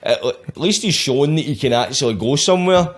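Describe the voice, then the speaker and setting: A man's voice: mid-range voice, lively intonation, a little fast. A Scottish man hosting a podcast, talking in blunt, sweary, casual banter. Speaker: podcast host.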